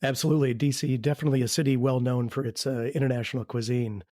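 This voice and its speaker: A man hosting a podcast interview, asking long, measured questions. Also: mid-range voice, steady tone, warm tone, no echo, clean studio sound. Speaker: podcast host.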